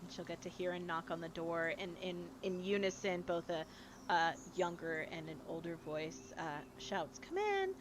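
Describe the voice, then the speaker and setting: A woman's voice: lowish voice, level tone, normal speed, noisy background. A woman narrating as game master of a tabletop game in a chatty, rambling way.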